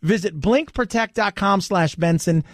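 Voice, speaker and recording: A middle-aged man hosting a casual talk radio show, rambling and animated, reading ads and chatting. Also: high voice, unhurried, no room sound, studio quality. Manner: rambling, animated, mimics voices.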